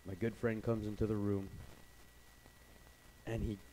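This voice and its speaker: A young man preaching a sermon, telling a personal story and then speaking quietly and earnestly to the congregation. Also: fairly low pitch, little pitch movement, unhurried, a little hiss or hum, poor audio. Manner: storytelling, voices his dad loudly, then quiet and earnest.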